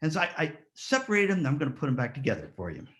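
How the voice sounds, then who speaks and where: Lively storytelling man at a ceremony. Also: fairly high pitch, rapid-fire. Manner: lively storyteller, rhetorical questions, acts out quotes. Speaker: ceremony speaker. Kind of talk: motivational speech with stories.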